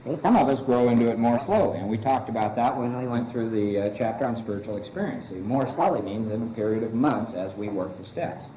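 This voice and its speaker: A man's voice: medium pitch, quick pace, hardly any pauses, warm tone, a little hiss or hum. A man leading a recovery book study in a meeting room. He asks the group question after question, answers them himself, and keeps saying "see.". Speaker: study leader. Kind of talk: Big Book study lecture. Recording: echoey room recording.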